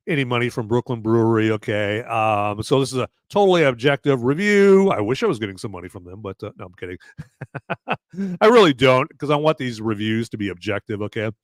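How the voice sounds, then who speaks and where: Recorded at studio quality with no room sound, a podcast host speaks in a mid-range voice. His relaxed take on a film and a beer meanders, heavy on filler words and repeated "okay?" checks.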